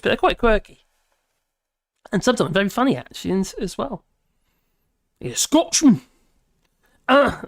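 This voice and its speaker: A woman's voice: a little high, fairly bright tone, no room sound, studio quality. A tired woman, rambling and grumbling in casual chat while reading out comments on her live stream.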